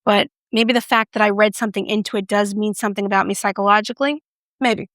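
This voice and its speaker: Woman, beauty vlogger, playful, self-mocking, mid-pitched voice, soft whispers, dry close sound. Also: steady tone, fast, dry recording. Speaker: beauty reviewer. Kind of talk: casual makeup review vlog.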